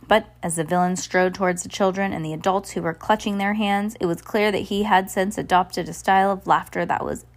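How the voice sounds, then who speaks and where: A woman's voice: medium pitch, fairly even intonation, fairly quick, few pauses. A woman casually reading a novel aloud, with chatty asides and frequent self-corrections. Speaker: reader.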